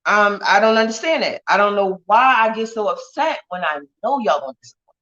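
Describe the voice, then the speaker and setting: A woman's voice: mid-range voice, expressive, brisk, a bit bright, muffled recording. A woman talking bluntly and heatedly in a profane livestream rant. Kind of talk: ranting livestream monologue.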